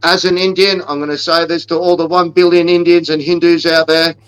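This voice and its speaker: A man's voice: on the high side, flat delivery, a little fast, clear, resonant tone, rough recording. A man, co-hosting a casual podcast and joking through brash, swearing rants. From Australia. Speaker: podcast co-host.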